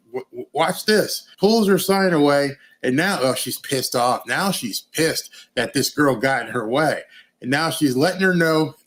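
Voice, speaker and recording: A man's voice: fairly high pitch, fairly bright tone. A man hosting political commentary, reacting emphatically to a video and asking rhetorical questions. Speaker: news commentary host.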